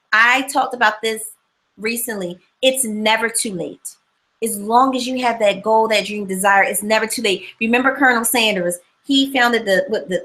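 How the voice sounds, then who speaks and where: A woman hosting a casual motivational livestream, reading viewer comments and talking in a chatty, animated way that repeats words for emphasis. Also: a little high, rough recording.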